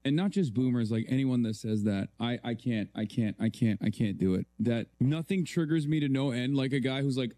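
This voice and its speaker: A man's voice: medium pitch, normal speed, dark tone, no room sound. A man in a profane, mocking rant, played back as a clip on a talk show. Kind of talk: profane ranting commentary.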